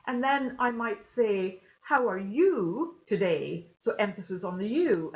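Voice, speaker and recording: A woman speaks over a video call that sounds a little dull and muffled, her voice sitting at an ordinary middle pitch. She explains her ideas thoughtfully, leaning on words for gentle emphasis as she answers questions in an online lecture. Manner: reflective, explanatory, softly emphatic. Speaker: guest percussionist.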